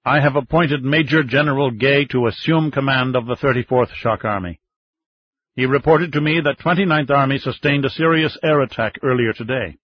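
A man's voice: mid-range voice, lightly acted. A man voicing a stubborn older marshal who blusters and insists, on slightly dull, muffled audio. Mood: dismissive. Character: defense minister, a stubborn, booming older male marshal.

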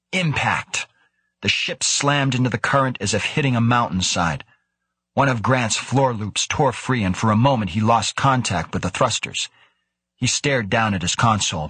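A man reads a science-fiction novel aloud in a steady, measured way. His voice sits somewhat low and has a husky grain. The recording is dry and close, with no room around it. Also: no room sound. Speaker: audiobook narrator. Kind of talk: scripted narration of a sci-fi novel.

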